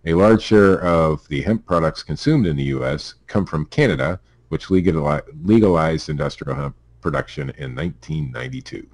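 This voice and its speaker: A man's voice: extremely low pitch, animated, normal speed, gravelly, few pauses, darkish tone, no room sound. A man with a Pennsylvania accent co-hosting a podcast, reading news stories aloud with stumbles, laughs and asides. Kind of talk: casual news chat.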